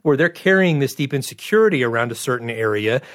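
A man's voice: medium pitch, expressive, quick pace, a bit bright, no room sound, clean studio sound. A male co-host explaining ideas earnestly in a conversational interview.

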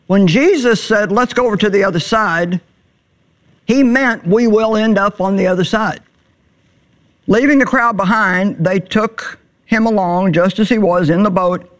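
A middle-aged woman teaching the Bible in a sermon, earnest and plainspoken, slowing down on words she wants to stress. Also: mid-range voice. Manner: earnest, plainspoken, slows for emphasis.

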